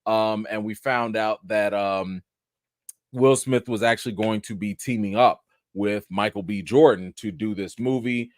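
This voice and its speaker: A man hosting a casual live-stream chat, speaking, breaking into excited exclamations and reading viewer comments aloud. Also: lowish voice, a little slow, no echo, clean studio sound. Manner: animated, preacher-like exclamations. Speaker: host of a live chat show.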